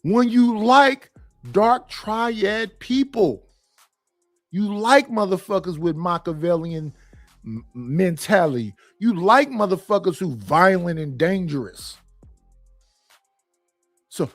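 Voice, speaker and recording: A middle-aged man with a notably high voice speaks bluntly on a panel, cursing freely and rambling through stops and restarts. The sound is dry and close, with faint music underneath. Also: expressive, slow, pauses often, dry recording. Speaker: panel guest. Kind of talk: casual opinion talk.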